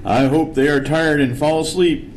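A man's voice: fairly high pitch, steady tone, normal speed, a little hiss or hum, lightly acted, low-quality recording. A man voicing a cheerful father driving his children in a bedtime storybook, with a playful delivery. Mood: wry. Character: cheerful family dad driving kids.

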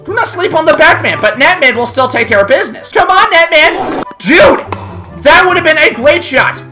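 A gaming channel host giving excited let's-play commentary and often yelling at the game. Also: high voice, moderate pace. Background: game music.

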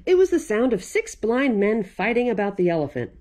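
Animated woman reading a storybook aloud. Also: fairly high pitch, a little fast, few pauses. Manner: animated, playful, laughs often. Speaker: children's librarian. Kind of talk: reading a picture book aloud to children.

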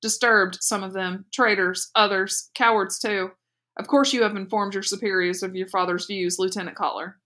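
A woman reading the part of a stern, commanding military father who questions others in a cold, probing, sharp way, in a read-aloud story. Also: high-pitched, fairly even intonation, moderate pace. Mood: menacing.

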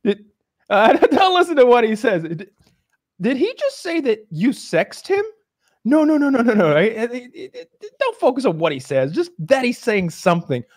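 A man's voice: very high voice, sing-song, normal speed, no echo, studio quality, voice pushed up, heavily acted. Man doing a flustered, backpedaling scientist. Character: flustered male scientist presenting to the press, nervous, evasive. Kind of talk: comic retelling of a skit.

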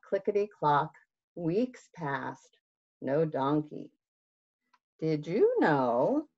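A woman children's librarian reading a picture book aloud to young children, expressive and sing-song, with gasps and questions to the kids. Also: fairly low pitch, dull audio.

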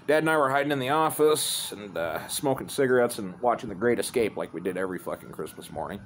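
A man's voice: lowish voice, expressive, fast talker, a little hiss or hum. A man telling a rambling, profane story in a laid-back, casual way.

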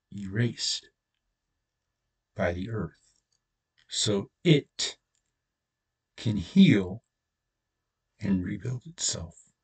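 Male channel host, combative profane ranter, lowish husky voice. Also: recorded from a distance. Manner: profane, blunt, confrontational. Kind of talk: angry solo rant to camera.

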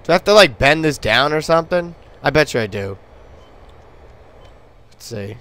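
A man's voice: on the high side, expressive, normal speed, sharp tone. A man commentating on his gameplay in a casual, frustrated and sarcastic way, swearing often. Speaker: let's play commentator.

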